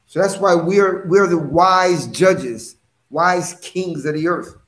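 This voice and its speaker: A man preaching an impassioned monologue, forceful and swinging between loud bursts and low mutters. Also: slow pace, reverberant.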